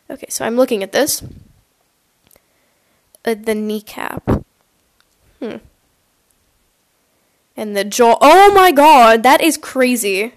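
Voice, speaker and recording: Woman with a high voice rambling through confessions, goofy quote voices, cheap mic sound. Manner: animated, rambling, acts out quotes in silly voices. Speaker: podcast host. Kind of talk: casual chat reacting to listener confessions. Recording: poor quality mic.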